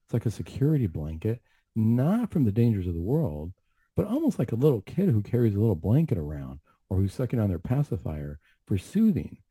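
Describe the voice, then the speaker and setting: A man's voice: fairly low pitch, very animated, fairly quick, dark tone, husky, no room sound. A man who works as a counselor, giving an earnest, reflective faith testimony on a talk show with many asides. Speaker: mental health counselor.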